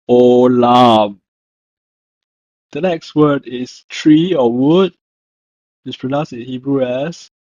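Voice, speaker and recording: A man teaching a language lesson, speaking slowly and deliberately and repeating each word to show how it is pronounced. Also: mid-range voice, dark tone, dry recording. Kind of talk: slow instructional narration. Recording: dull lo-fi dry voice-over.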